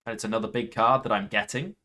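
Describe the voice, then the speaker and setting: A man's voice: on the low side, steady tone, fast talker, bright, forceful tone. A man commentating his own card game play, thinking aloud and counting points under his breath. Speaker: gaming YouTuber.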